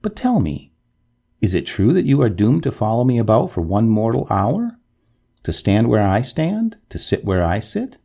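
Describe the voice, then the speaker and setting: A coolly triumphant gentleman heir voiced by a man in a storybook reading. He speaks with courteous firmness and dry mockery, his lively pitch riding over a gravelly, husky tone. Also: normal speed, heavily acted. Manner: polite, firm, dryly mocking.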